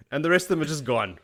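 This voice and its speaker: A man hosting a podcast, recapping a book in casual chat, laughing often and acting out characters' lines as quick paraphrased quotes. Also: a little high, a bit bright. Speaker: podcast host.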